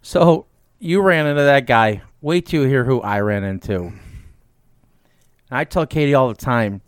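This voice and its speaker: A man co-hosting a podcast, telling a story in casual chat with animated, incredulous delivery. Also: medium pitch, normal speed, clear, resonant tone, dry recording, clean studio sound. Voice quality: redhead self-described. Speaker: podcast co-host.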